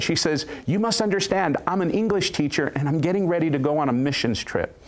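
A male guest preacher telling a story of his ministry with animated, dramatic retelling and quoted voices. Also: fairly high pitch, brisk. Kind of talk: storytelling testimony.

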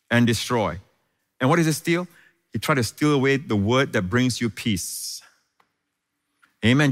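A man's voice: fairly high pitch, a bit bright. A male preacher giving a sermon, emphatic and repetitive, stretching key words and adding frequent amens. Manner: emphatic, repeats phrases, frequent "amen"; drawn-out stressed words, sing-song rises. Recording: long hall reverb.

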